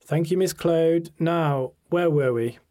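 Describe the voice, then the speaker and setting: A man putting on a booming Welsh schoolmaster. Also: slow pace, mellow. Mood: booming, sardonic. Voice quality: deep, booming, sardonic. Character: stern middle-aged male Welsh head of sixth form. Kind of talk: audiobook character voice.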